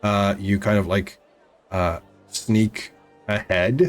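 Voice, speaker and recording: Low-voiced game master. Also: male voice, level tone, faint music behind. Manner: halting, full of fillers and restarts. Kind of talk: narrating a tabletop game.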